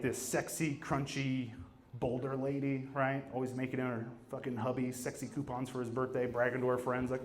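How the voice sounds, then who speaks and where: A young man doing a profane, rambling stand-up set in a gym, with a crowd laughing. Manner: profane, rambling storytelling with quick pitch jumps for quoted voices. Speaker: stand-up comedian. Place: gym with a live audience. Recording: live room with crowd noise. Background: audience laughter.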